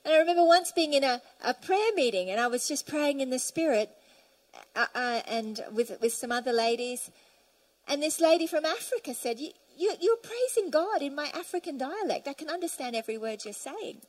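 Female preacher, high-pitched, fervent sermon delivery with scripture reading, church setting. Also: lively intonation, a little fast, low-quality recording. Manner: fervent, reads scripture aloud and tells stories.

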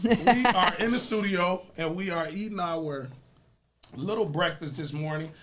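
Man, host, high voice, upbeat teasing chat, studio. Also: unhurried, over loud music. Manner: upbeat, teasing, plugs the show. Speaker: morning show host. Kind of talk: casual chat.

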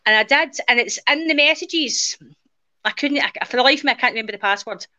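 A woman's voice: high-pitched, fairly quick. A woman in her forties, a guest in an interview, casually telling a personal story and acting out the dialogue as she goes. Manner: lively retelling that acts out quoted dialogue. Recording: dull lo-fi audio.

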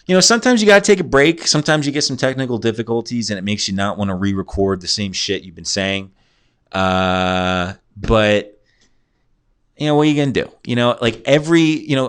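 A man's voice: deep voice, fairly bright tone. A man hosting a comedy podcast, rambling through sarcastic, profane stories off loose notes. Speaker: podcast host. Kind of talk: casual comedic monologue.

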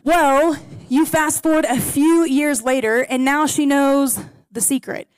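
High-voiced woman preaching a sermon. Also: steady tone, unhurried, no room sound. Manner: earnest, storytelling, prays softly. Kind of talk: sermon to a congregation. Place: in a room with a gathered audience.

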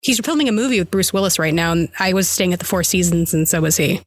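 A woman's voice: fairly low pitch, animated, fast, no room sound. A woman co-hosts a casual podcast chat, blunt and sarcastic, with plenty of swearing. Her voice is recorded close and dry, with no room sound. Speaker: podcast co-host.

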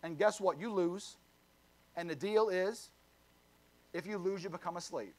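A man preaching a sermon, swinging between loud emphatic surges and low, quiet asides. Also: unhurried. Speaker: pastor.

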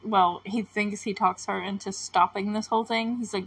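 A woman's voice: medium pitch, steady tone, moderate pace, husky, low-quality recording. A woman hosting a TV recap podcast, talking casually and rambling with lots of filler words. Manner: chatty and rambling, full of fillers.

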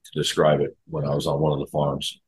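A man's voice: a bass voice, monotone, fairly quick, husky, poor audio. A man co-hosting a casual podcast, rambling and repeating words as he thinks aloud. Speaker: podcast co-host. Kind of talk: casual chat.

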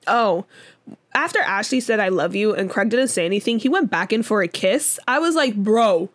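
A young woman co-hosting a podcast in casual chat, talking loosely with many fillers and quick laughs. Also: medium pitch, lively intonation. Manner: chatty, lots of fillers and laughs. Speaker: podcast co-host.

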